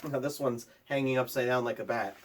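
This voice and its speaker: A man teaching a library class for children, explaining picture books and reading one aloud with lively shouted lines. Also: medium pitch, brisk, a little hiss or hum. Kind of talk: storybook read-aloud lesson.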